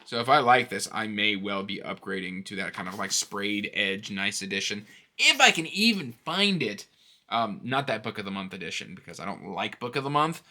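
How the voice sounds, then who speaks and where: A man in his thirties hosting a casual book vlog, chatty and rambling, with animated asides. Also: on the low side, normal speed. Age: 30s. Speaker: book channel host.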